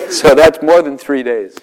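A man's voice: fairly high pitch, slow pace, slight background noise. A man preaching a sermon, telling stories with laughter and acting out quoted voices. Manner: animated storytelling with laughs, dramatic quoted voices.

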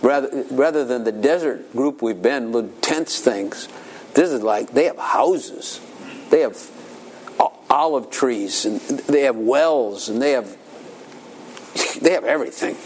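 A man's voice: medium pitch, measured pace, darkish tone, slight background noise. An older man giving an informal sermon as a pastor, telling rambling family stories and acting out children's voices.

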